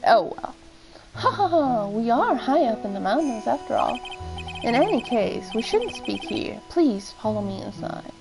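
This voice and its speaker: A woman's voice: fairly high pitch, big pitch swings, unhurried, creaky, over music, heavily acted, low-quality recording. A woman voicing a cheery elderly female head nun who chuckles in a sing-song way for a game read-along. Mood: jolly.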